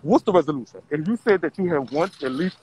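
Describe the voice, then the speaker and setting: Brief: fast-talking husky New Orleans host, calm and steering. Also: male voice, on the high side, poor audio. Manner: tries to steer back to the point, calming. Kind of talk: live-stream talk show.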